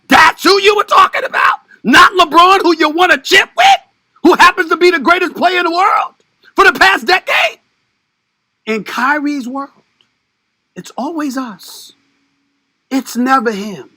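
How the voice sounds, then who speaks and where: A man delivering an impassioned, sarcastic sports commentary rant, swinging between shouted outbursts and hushed mockery. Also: extremely high pitch, a little slow, no echo, studio quality. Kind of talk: televised sports debate rant.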